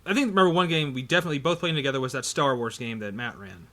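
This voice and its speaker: A man with a bright, forceful voice trading jokes on a gaming podcast. He talks in quick bursts and teases his co-host with mock exasperation. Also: mid-range voice, animated. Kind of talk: casual chat about tabletop gaming.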